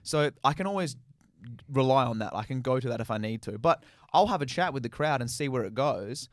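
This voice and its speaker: An Australian man, a stand-up comedian guesting on a podcast, talks loosely and swears without a second thought. He acts out little scenes with the crowd as he tells them. His voice sits at an ordinary pitch and is picked up close and dry, with no room sound. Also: expressive, a little fast, dry recording. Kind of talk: casual podcast chat.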